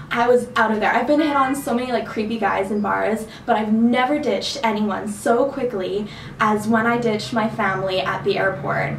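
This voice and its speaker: A woman's voice: mid-range voice, reverberant, recorded from a distance, a little hiss or hum, rough recording. A young woman vlogger telling a rambling story in a casual chat, full of "like"s. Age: young adult. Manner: chatty, rambling with many "like"s. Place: dorm room.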